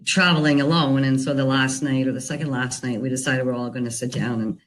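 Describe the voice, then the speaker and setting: A woman's voice: rumbling low, steady tone, fairly quick, rough recording. Earnest woman coach telling a story. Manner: earnest, conversational, many "you know" fillers. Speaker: relationship and divorce recovery coach. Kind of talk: reflective personal storytelling.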